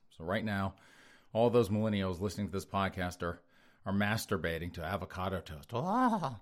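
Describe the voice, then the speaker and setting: A man hosting a podcast, reading headlines and mocking them with sneering sarcasm, often laughing at his own jokes. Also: fairly low pitch. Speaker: podcast host. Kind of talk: sarcastic news commentary.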